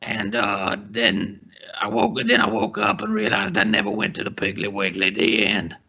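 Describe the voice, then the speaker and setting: Brief: a man imitating a giggly, drawling, gravelly dimwit, sharp and breathy, dull sound. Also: sits high, big pitch swings, normal speed, pitched above the performer's own voice, heavily acted. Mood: goofy. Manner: meandering, giggly, drawled storytelling. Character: rambling bearded man, slow dim storyteller.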